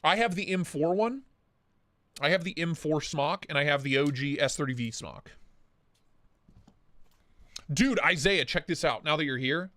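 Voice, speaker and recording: A man hosting a casual livestream, excitable and hyped, cursing freely and greeting chat viewers by name. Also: fairly high pitch, normal speed, long pauses, slight background noise. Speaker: livestream host reviewing knives.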